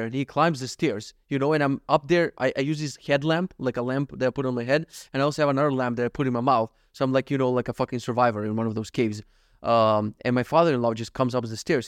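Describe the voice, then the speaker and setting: A young adult man on a casual solo podcast, rambling fast and swearing, mocking himself and quoting others in quick voices. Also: medium pitch, no room sound, clean studio sound. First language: not given. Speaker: podcast host. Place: at home.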